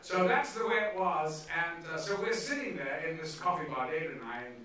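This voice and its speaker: Animated male storyteller in a theatre. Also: on the high side, fairly quick, crowd noise. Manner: animated storyteller acting out quotes. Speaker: guest speaker at a film screening. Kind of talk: onstage anecdote telling. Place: large theatre hall. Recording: echoey theatre from far off.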